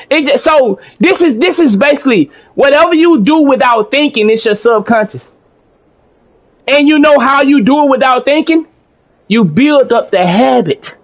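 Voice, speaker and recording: High-voiced man preaching to his chat. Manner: preachy, motivational, repeats himself, reads out chat. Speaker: streamer talking to his live chat. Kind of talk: casual livestream chat.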